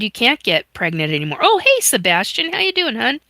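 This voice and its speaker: A middle-aged woman hosting a livestream, talking haltingly and getting choked up and sniffly as she tells her story and reads out viewer comments. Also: fairly high pitch, huge pitch swings, pushed and bright, no room sound. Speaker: livestream host. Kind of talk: emotional livestream monologue. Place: home livestream.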